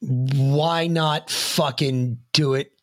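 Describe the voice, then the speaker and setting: A man's voice: mid-range voice, steady tone, drawn-out words, no echo, clean studio sound. A man co-hosting a podcast, chatting casually with profane, sarcastic banter. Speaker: podcast co-host. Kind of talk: casual political chat.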